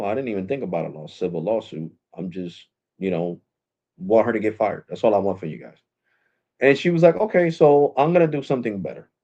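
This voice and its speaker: A man casually telling a story to his live stream audience, animated and profane, acting out other people's lines in quotes. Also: on the low side, dull audio. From Puerto Rico. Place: at home.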